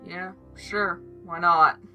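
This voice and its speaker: Sans, a woman voicing a gloomy monotone skeleton guy. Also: deep voice, moderate pace, soft background music. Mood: flat. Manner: flat monotone, self-deprecating. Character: gloomy tired young male skeleton.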